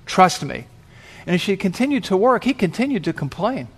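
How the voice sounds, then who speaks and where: A man's voice: high-pitched, expressive, fast talker, husky. A man preaching, telling a long story vividly and acting out the voices in it. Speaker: pastor. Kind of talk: sermon storytelling.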